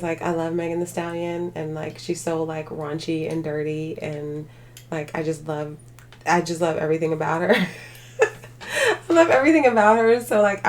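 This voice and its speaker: A woman's voice: lowish voice, darkish tone. A tired woman hosting a casual livestream, chatting with viewers in a rambling way full of filler words and laughter. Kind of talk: casual live chat.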